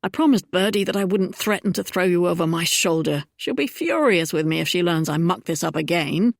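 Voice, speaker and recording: A woman's voice: fairly low pitch, lively intonation, fairly quick, vocal fry, no room sound, studio quality. A woman voicing a charming, roguish young Regency duke in an audiobook, speaking wryly and then earnestly.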